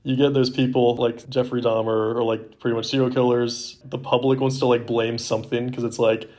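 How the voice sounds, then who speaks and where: A man's voice: mid-range voice, little pitch movement, fairly quick, darkish tone. Young man rambling with lots of "like". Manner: rambling, heavy use of "like" fillers. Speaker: podcast co-host. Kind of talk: casual chat.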